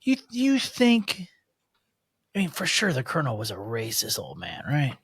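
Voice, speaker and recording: A man's voice: mid-range voice, huge pitch swings, normal speed, husky, no room sound. A man co-hosting a podcast in casual chat, playful and always doing comic bits. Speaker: podcast co-host.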